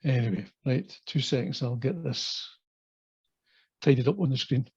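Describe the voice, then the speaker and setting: A man's voice: medium pitch, normal speed, a little mellow, husky, dry recording. A man giving a hesitant, casual presentation on a video call, stumbling over repeated filler words. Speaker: Rotary club member giving a convention report. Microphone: video call microphone. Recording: dull, dry video call audio.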